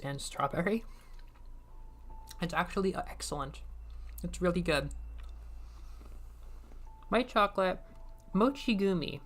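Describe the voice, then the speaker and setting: A woman's voice: on the low side, fairly bright tone. A woman streamer giving casual, self-mocking commentary while she plays a game. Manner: chatty, self-mocking, giggly asides. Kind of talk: casual let's-play commentary.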